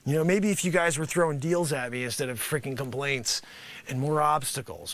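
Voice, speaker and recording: A man hosting a live stream, improvising a comic sales pitch in a rambling, sarcastic way full of filler phrases, with sudden loud outbursts. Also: moderate pace, gravelly, no room sound. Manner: animated, jumps to loud outbursts. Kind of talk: improvised comedic pitch bit.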